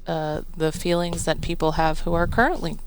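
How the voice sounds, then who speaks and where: A woman's voice: deep voice, moderate pace, a little hiss or hum. A woman co-hosting a podcast, talking casually with a blunt, teasing edge. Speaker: podcast co-host. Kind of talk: casual chat.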